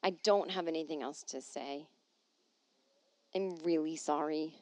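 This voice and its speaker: A woman's voice: low-pitched, unhurried, pauses often, warm tone, no room sound, muffled recording. A woman hosting her own podcast as a touring comedian, chatting casually and reading listener emails aloud in a rambling, self-deprecating, playful way. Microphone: podcast microphone.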